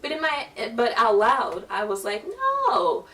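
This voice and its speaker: A young woman telling a funny personal story to the camera in a casual, animated way, acting out what people said to her. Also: on the high side, moderate pace. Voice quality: animated, chatty, quotes people in playful voices. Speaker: vlogger. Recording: mic a little far off.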